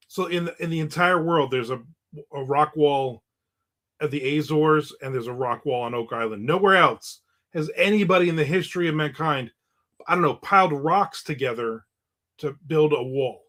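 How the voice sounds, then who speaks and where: A man in his fifties rambles casually through viewer comments on his livestream. He is sarcastic and laughs often, and his voice sits a little higher than most men's. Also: moderate pace, a bit bright. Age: 50s. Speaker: livestream host.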